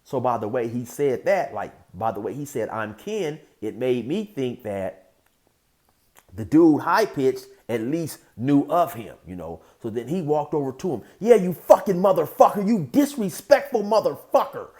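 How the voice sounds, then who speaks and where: A man in an easygoing storytelling mode, talking in a relaxed street manner as a YouTube storyteller. His voice sits in an everyday middle register, and he loosely fills pauses with "you know". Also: mid-range voice. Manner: laid-back, streetwise, frequent "you know". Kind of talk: casual spoken storytelling.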